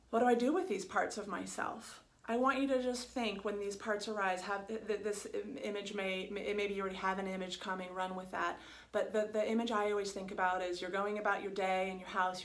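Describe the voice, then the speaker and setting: Woman, middle-aged, psychotherapist, gentle reflective talk, slow and soothing, gravelly fry. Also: mid-range voice. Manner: soft, slow and soothing, with many pauses. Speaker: holistic psychotherapist.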